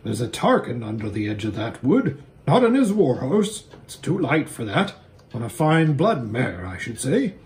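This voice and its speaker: A man's voice: mid-range voice, very animated, moderate pace, darkish tone, a little hiss or hum. A man voicing a proud, anxious male talking warhorse in a storybook reading, earnest and worried in tone. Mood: knowing.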